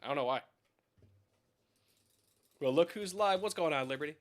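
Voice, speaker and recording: A man's voice: fairly high pitch, lively intonation, normal speed. A young man hosting a casual live stream from home, rambling, swearing and chatting with viewers about keyboards. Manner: rambling, swears, laughs often, talks to chat.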